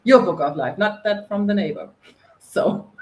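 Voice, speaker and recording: A woman's voice: mid-range voice, moderate pace, rough recording. A middle-aged woman from northern Germany with a German accent, speaking bluntly and with energy as a guest coach on a podcast. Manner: energetic, blunt, laughs often. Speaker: guest, face yoga coach. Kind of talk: podcast interview.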